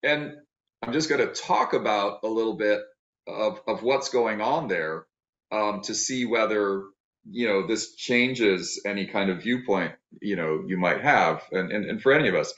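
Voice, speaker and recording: A man with a low voice giving a thoughtful academic talk over a video call. He speaks haltingly, restarting phrases and filling pauses. The audio is dull and lo-fi, with a roomy echo. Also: fairly bright tone. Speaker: guest lecturer.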